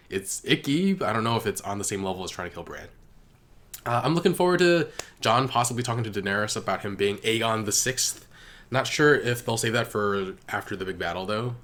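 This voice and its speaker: A man's voice: lowish voice, fairly bright tone. A young man hosting a reaction video, chatting casually and rambling with lots of fillers. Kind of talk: casual chat to camera.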